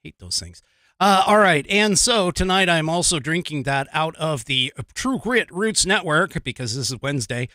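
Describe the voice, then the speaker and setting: A man's voice: a little high, lively intonation, moderate pace, pushed and bright, dry recording, studio quality. A man hosting a livestream podcast, talking casually and rambling, with lots of fillers and frequent chuckles. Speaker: podcast host.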